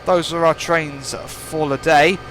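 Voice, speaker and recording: A young gaming channel host rambles playfully over gameplay, cracking self-mocking jokes. His voice sits on the high side, fairly even and a bit bright, with a slow pace and slight background noise.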